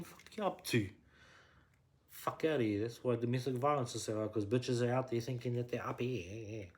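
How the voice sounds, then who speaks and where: A man, a podcast guest, ranting in blunt, profane, emphatic conversation that swings up into shouting. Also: mid-range voice, a little fast. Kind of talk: heated conversational rant.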